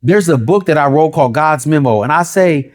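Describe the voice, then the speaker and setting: A pastor preaching a sermon in rhythmic, repeated phrases and rhetorical questions, dropping to a low hush when he quotes God. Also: expressive, a little fast.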